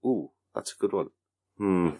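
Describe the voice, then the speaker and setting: A man's voice: low-pitched, expressive, a little slow, darkish tone, slightly rough. A man co-hosting a casual podcast, playful and mock-dramatic. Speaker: podcast producer and co-host. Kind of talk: casual chat.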